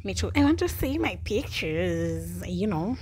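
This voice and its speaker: A young woman with a Kenyan accent chatting casually in a vlog, bubbly and quick to laugh, switching between English and Swahili. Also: fairly low pitch, very animated, darkish tone, a little hiss or hum. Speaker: vlogger.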